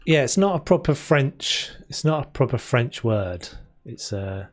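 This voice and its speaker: The voice is mid-range and expressive, a little slow. It belongs to a young man streaming a renovation game, loosely chatting and rambling with viewers, laughing often as he talks to chat in casual gameplay commentary, with faint game music behind.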